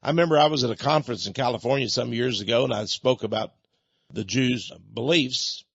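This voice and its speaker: A man's voice: medium pitch, a little fast, gravelly, fairly bright tone, slightly rough, dry recording, dull audio. A man hosting a radio show, talking in an emphatic, mocking, storytelling monologue. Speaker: radio host.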